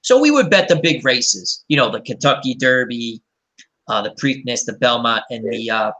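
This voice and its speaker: A man's voice: medium pitch, lively intonation, moderate pace, pushed and bright. A man hosting a casual chat and telling rambling, anecdotal stories. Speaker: host.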